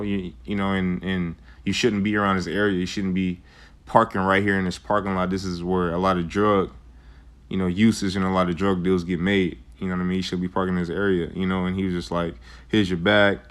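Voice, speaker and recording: A man's voice: sits low, little pitch movement, a little fast. A young man telling a rambling, profane personal story in a casual way, with lots of fillers. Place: Arizona.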